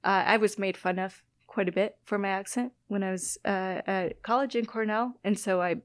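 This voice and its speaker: A woman's voice: medium pitch, steady tone, moderate pace, no room sound. Chatty Midwestern woman, dry close mic. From Illinois-Wisconsin border, US Midwest. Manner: chatty, laughs often, self-deprecating asides. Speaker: guest biologist. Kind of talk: casual interview chat.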